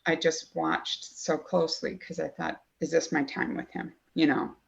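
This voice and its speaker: A woman's voice: sits low, little pitch movement, normal speed, gravelly, lo-fi sound. A middle-aged woman, a guest mother, telling her story in earnest detail during a podcast interview. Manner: earnest, detailed storyteller who acts out quoted dialogue. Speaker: guest, mother of a child with a chronic illness.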